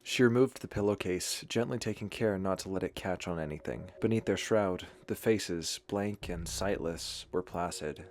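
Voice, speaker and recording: Male audiobook narrator, very low voice, measured, steady storytelling.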